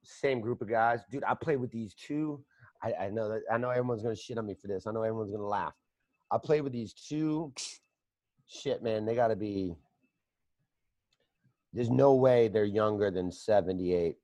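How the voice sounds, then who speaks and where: A man's voice: on the low side, normal speed, pauses often, mellow, no room sound. A man hosting a podcast, rambling through profane stories in casual chat on a close mic. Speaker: podcast host.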